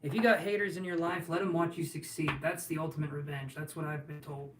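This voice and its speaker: A chatty man with a fairly high voice gives tarot readings on a livestream, joking with his viewers as he goes. He sits back from the mic in a roomy space, and a faint hum of room noise runs underneath. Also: little pitch movement, a little fast, recorded from a distance. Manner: joking, chatty, answers viewers' questions aloud. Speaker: tarot reader. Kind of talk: casual livestream chat.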